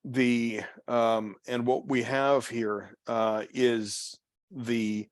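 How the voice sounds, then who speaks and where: Halting, filler-heavy male Bible study leader. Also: medium pitch, little pitch movement, dry recording, clean studio sound. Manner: halting, many fillers and restarts. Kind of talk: unscripted Bible study talk. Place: church meeting room.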